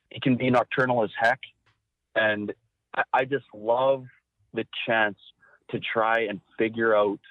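A man's voice: fairly low pitch, no room sound. A man from Saskatchewan, telling an intense, vivid hunting story as an interview guest and acting out quotes. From Saskatchewan, Canada. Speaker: guest hunter. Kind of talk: animated storytelling. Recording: tinny phone-like line.

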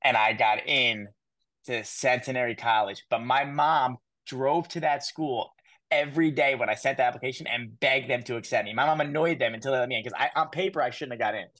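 A man in his thirties from the United States, a guest telling his life story in an interview, animated and quick to repeat words. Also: mid-range voice, no echo. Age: 30s. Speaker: guest speaker.

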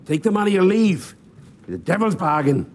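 Brief: a blunt nineteenth-century man driving a bargain, curt and pressing, animated pitch. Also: normal speed, slight background noise. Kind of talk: period film dialogue.

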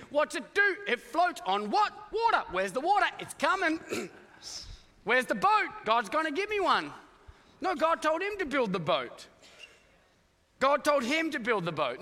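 High, lively-voiced pastor in an echoey church. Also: male voice. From Iowa, United States. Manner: animated, joking storyteller acting out voices. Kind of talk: sermon. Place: church auditorium with congregation.

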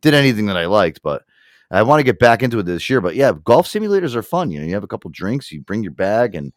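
A man from Connecticut hosting a casual podcast chat, cursing freely and laughing between stories. His low voice swings widely in pitch, and the sound is dry and close. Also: fast talker, no echo. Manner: profane, animated, laughing often. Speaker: host.

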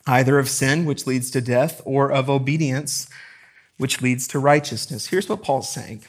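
A man's voice: mid-range voice, normal speed. A man preaching a sermon to his congregation in a conversational, emphatic way, acting out quotes and questions. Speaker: pastor. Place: church room with congregation.

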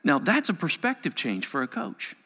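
A pastor delivers a storytelling sermon, his voice moving from near-whispers to raised, urgent peaks. His tone is bright and slightly high for a man. A long reverb trails every phrase, as if the recording was made in a large sanctuary. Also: huge pitch swings, normal speed. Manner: storytelling with big swings between hushed and raised passages.

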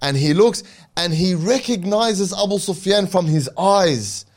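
A man's voice: sits high, expressive, measured pace. A male preacher narrating a religious story dramatically, breaking in with reverent asides.

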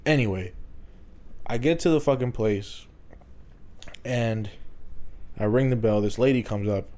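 A man's voice: medium pitch, unhurried, darkish tone. A man casually telling a long story on a podcast, rambling and swearing, laughing often. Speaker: podcast co-host.

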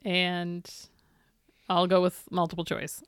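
A woman's voice: lowish voice, takes it slowly, smooth, no echo, clean studio sound. A woman in casual chat, answering quiz questions and protesting with amusement. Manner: lively, protesting, easily amused. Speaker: quiz contestant.

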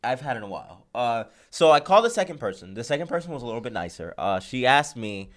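Guy on a podcast telling a wild story, mid pitch, lots of laughing and quoting people. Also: fast. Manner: animated retelling, acts out phone calls, laughs often. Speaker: podcast host. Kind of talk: casual storytelling chat.

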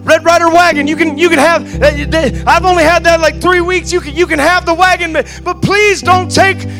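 A preacher acting out a small five-year-old girl, her voice pushed high and eager as she stammers and begs. Soft music plays faintly behind. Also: normal speed. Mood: pleading. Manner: stammering, begging.

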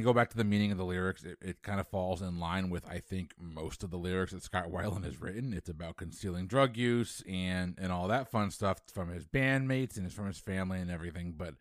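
Very low-voiced man, podcast co-host, opinionated and joking, dry sound. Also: no room sound. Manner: opinionated, joking, hesitant fillers. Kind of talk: casual podcast chat.

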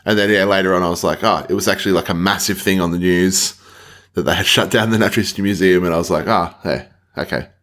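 A rambling man chatting on a podcast with his mates. His voice sits a little low, and his talk is loose and sweary, with plenty of laughs. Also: fairly even intonation, racing, a bit bright. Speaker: podcast co-host. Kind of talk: casual chat. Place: Melbourne apartment.

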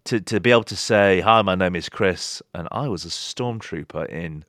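A man, a pastor and author, telling stories as a podcast guest and acting out the people he quotes. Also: normal speed. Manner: animated storyteller, voices quoted people with pitch jumps. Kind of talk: casual podcast interview.

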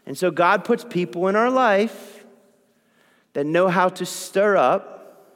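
A man with a high-pitched, animated voice and a fairly bright tone preaches a sermon slowly, reading from the Bible. He talks conversationally and keeps checking in with his listeners by asking "okay?". The recording has a long hall reverb.

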